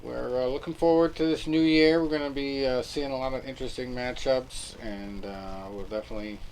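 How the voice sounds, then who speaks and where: A man's voice: medium pitch, fairly even intonation, a little fast, darkish tone, a little hiss or hum, rough recording. A man hosting a podcast in casual, rambling chat who laughs often and swears casually. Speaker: podcast host.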